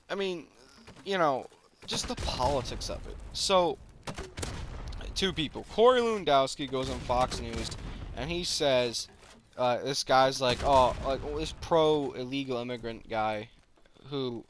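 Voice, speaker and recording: A man's voice: medium pitch, slight background noise. A man ranting in an exasperated, sarcastic, profane way over gameplay footage, as the creator of the video.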